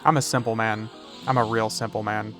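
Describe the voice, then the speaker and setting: A man's voice: fairly low pitch, level tone, fairly quick, fairly bright tone, soft background music. A man streaming a game live, chatting casually, joking and swearing freely, often saying "dude". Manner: laid-back, joking, swears freely, says "dude" a lot. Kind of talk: casual livestream chat while playing.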